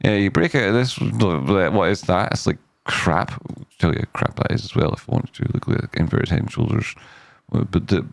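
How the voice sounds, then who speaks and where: A man's voice: low-pitched, animated, moderate pace, creaky, dry recording. A man hosting a casual live stock chart analysis, rambling and jokey, cutting himself off mid-sentence. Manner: rambling, self-interrupting, jokey asides.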